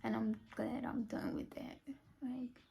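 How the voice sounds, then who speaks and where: A woman's voice: a little high, little pitch movement, unhurried, creaky, dark tone. A young woman vlogger telling a personal story in a chatty way, full of fillers and often dropping to a half-whisper. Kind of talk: casual storytime vlog.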